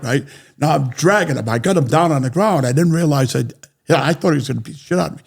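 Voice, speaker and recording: A man spins an anecdote in a blunt, salty, lively way. His voice has a gravelly, husky grain. He sits at a middle pitch for a man. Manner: blunt, profane, animated anecdote-telling. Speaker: interview guest. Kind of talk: casual storytelling.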